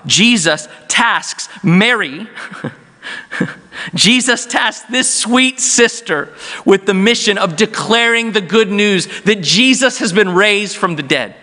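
A man's voice: high voice, expressive, slow pace, bright, forceful tone. A man preaching a sermon as pastor, earnest and often restarting words mid-phrase. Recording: echoey hall.

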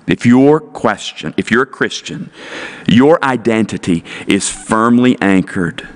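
A male pastor preaching a sermon in an earnest, emphatic way, pressing his points with repeated rhetorical questions. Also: on the low side.

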